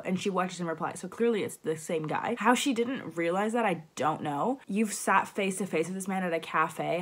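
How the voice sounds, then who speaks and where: Dramatic young woman vlogging. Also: mid-range voice. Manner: dramatic and opinionated, with sudden excited jumps. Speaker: book vlogger. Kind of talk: casual vlog chat.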